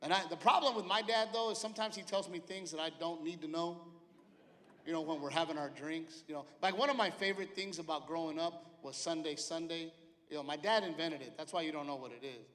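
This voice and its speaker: A middle-aged man doing a stand-up set, loud and punchy, with sudden shouted punchlines. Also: fairly high pitch, a little fast. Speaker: stand-up comedian. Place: large theater stage. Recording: live theater with long reverb and faint ambience.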